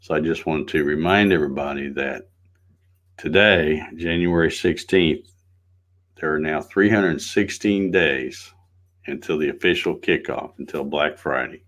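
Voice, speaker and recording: A middle-aged man with a very low voice hosts a casual morning livestream. He talks in an easygoing, folksy way and greets his viewers one by one by name. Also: measured pace, fairly bright tone. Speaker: livestream host.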